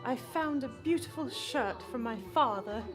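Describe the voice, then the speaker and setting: A woman's voice: sits high, moderate pace, natural voice. A woman faking a posh British accent, playfully drawing her words out as she chats while travelling. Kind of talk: casual chat on camera. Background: background music.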